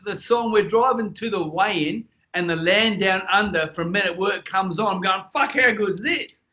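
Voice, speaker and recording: An Australian man telling a story in a casual chat, animated and acting out the people in his stories. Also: sits high, moderate pace. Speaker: guest, former boxer.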